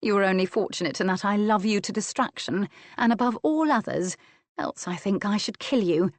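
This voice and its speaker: A woman's voice: medium pitch, normal speed, dry recording, close to an everyday voice. A woman voicing Jasmine, a spirited, imperious young noblewoman who speaks with passion. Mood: ardent. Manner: imperious and impassioned.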